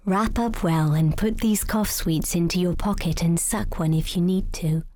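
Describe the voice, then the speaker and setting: A woman voicing a gentle, caring mother rabbit in a storybook, speaking in a coaxing tone. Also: lowish voice, moderate pace, close to an everyday voice.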